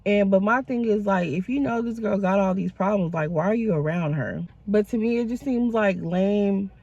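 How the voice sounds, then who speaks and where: A woman's voice: medium pitch, normal speed, mellow, dry recording, dull audio. A woman vlogger in telling a casual, profane storytime and calling her viewers y'all.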